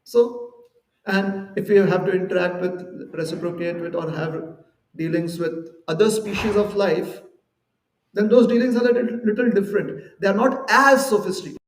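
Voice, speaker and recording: A man's voice: high-pitched, fairly even intonation, moderate pace, roomy sound, recorded from a distance, rough recording. A man giving a devotional lecture at a temple, talking conversationally and explaining with everyday examples and acted-out quotes. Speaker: temple speaker.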